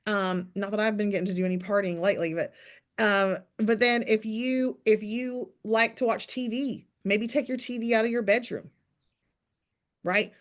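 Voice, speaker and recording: A woman team leader hosts a morning video call for her business, her mid-range voice fairly even in intonation and at a normal speed. She delivers casual motivation in a chatty coaching manner, naming listeners as she goes.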